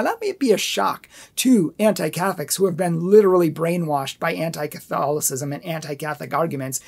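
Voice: mid-range voice, gravelly, darkish tone, slightly rough. A Catholic apologetics host rebutting a book in an emphatic commentary video, repeating points for stress and challenging viewers directly.

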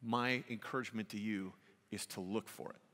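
A middle-aged man preaching a sermon as pastor, telling a lively story and then speaking softly and intimately to the congregation. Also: lowish voice, moderate pace. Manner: animated storytelling that drops to a soft, intimate appeal. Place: church sanctuary. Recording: long church hall reverb.

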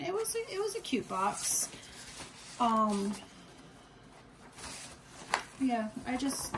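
A woman's voice: fairly low pitch, slight background noise. Chatty woman rambling through an unboxing. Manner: rambling, chatty, many fillers and restarts. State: has the hiccups. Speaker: unboxing vlogger. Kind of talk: casual unboxing chat.

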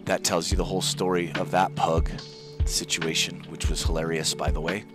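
A man's voice: low voice, level tone, normal speed. A young man chatting casually as a gaming streamer, rambling and jokey with laid-back gamer slang. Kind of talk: casual joking chat. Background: background music.

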